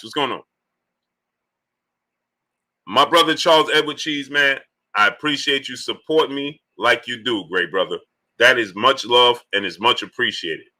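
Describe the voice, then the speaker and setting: Bright-voiced man hosting a livestream. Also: mid-range voice. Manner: animated, greets viewers by name between points. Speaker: livestream host. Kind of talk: live-stream commentary reading out chat.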